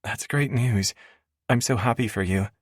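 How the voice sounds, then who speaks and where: A man's voice: mid-range voice, unhurried, no room sound, studio quality, pitched above the performer's own voice, natural voice. A man voicing a playful young woman in an audiobook romance, light and teasing.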